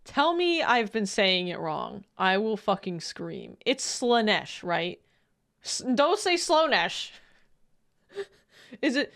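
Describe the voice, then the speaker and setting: A woman streamer riffs on a video in loose, casual commentary, playful and quick to swear or laugh. She talks at an unhurried pace, lingering over her words in a mid-pitched voice. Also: very animated, creaky, fairly bright tone.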